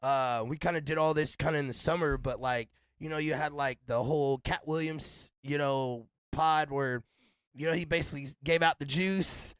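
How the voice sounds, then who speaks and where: A man with a raspy, deep voice co-hosting a podcast, chatting loosely with laughs and shout-outs. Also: steady tone, normal speed, dry recording, clean studio sound. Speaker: podcast co-host. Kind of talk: casual podcast chat.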